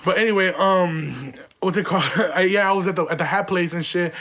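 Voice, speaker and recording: High-voiced young man telling a story. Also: fairly quick, a bit bright. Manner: profane, rambling, laughing often. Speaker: podcast host. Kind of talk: casual storytelling.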